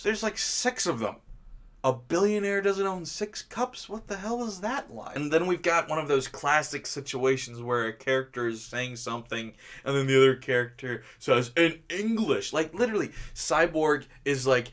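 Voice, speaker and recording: A man's voice: a little high, big pitch swings, moderate pace, a bit bright. A man hosting his own channel, giving a casual, sarcastic film review rant and chuckling often as he mocks scenes.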